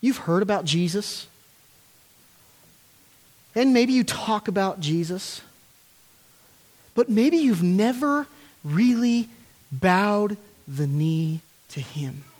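A man's voice: sits high, lively intonation, takes it slowly, pauses often, darkish tone. A man preaching an earnest, emphatic sermon as pastor, speaking to his congregation in church and asking them questions.

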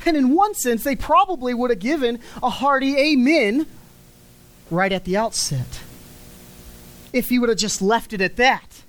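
Slow, emphatic woman preaching a sermon. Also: on the high side, poor audio. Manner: emphatic, drawn-out words with falling endings.

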